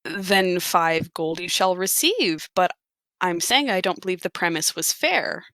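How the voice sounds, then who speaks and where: A woman's voice: lowish voice, animated, a little slow, fairly bright tone, no room sound. A woman voicing a formal, earnest male cleric who speaks in stiff, old-fashioned phrases.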